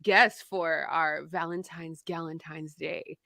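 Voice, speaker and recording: A woman's voice: low-pitched, steady tone, takes it slowly, creaky, sharp tone, no echo, studio quality. A woman hosting a casual interview, playful and joking, laughing often between her lines. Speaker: host. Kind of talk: casual chat.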